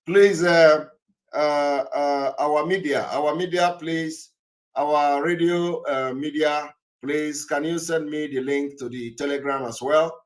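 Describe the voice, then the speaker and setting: Male call-in host, fairly high voice, emphatic, repeats points, lots of fillers. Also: fairly even intonation, slow pace. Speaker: broadcast host taking callers. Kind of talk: live call-in broadcast.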